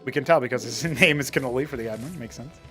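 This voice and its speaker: A man casting a live strategy-game tournament, chatty and prone to rambling asides, getting excitable in fights. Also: medium pitch, fast talker, soft background music. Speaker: esports caster. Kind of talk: live tournament play-by-play commentary.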